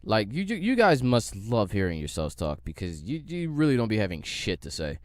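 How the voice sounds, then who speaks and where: A young man hosting a solo podcast, delivering a heated, profane, animated rant. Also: fairly low pitch, normal speed, no echo. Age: young adult. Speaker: podcast host. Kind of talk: solo ranting monologue.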